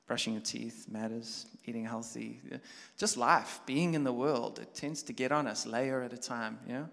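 Man, pastor, chatty sermon, gravelly and bright, reverberant hall. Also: mid-range voice, normal speed. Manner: conversational, builds from quiet musing to loud animated storytelling. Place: church hall. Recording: long church hall reverb.

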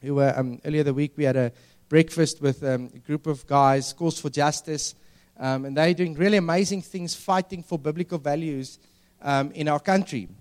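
Male preacher, slightly high voice, earnest, leans on key words. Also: steady tone, darkish tone, clear, resonant tone. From South Africa. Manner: earnest, stretches key words slowly for emphasis. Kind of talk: sermon.

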